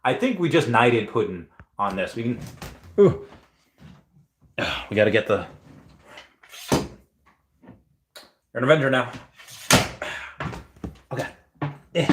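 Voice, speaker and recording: A man's voice: mid-range voice, a little hiss or hum. A man hosting a casual livestream, reading out viewer comments in a rambling, enthusiastic way with many fillers and restarts. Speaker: livestream host. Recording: roomy echo.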